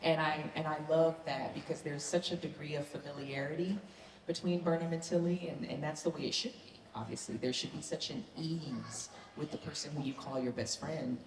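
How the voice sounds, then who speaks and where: A woman's voice: low voice, steady tone, brisk. A woman from the American South, an actor answering fan questions on a convention panel in an enthusiastic, earnest way. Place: large convention hall. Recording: echoey convention hall, faint noise.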